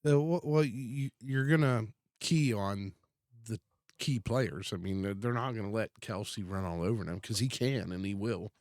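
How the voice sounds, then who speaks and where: A man's voice: lowish voice, normal speed, darkish tone, no room sound, clean studio sound. A man co-hosting a casual podcast from a converted garage, talking in a rambling way with frequent restarts. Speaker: podcast co-host. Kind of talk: casual chat.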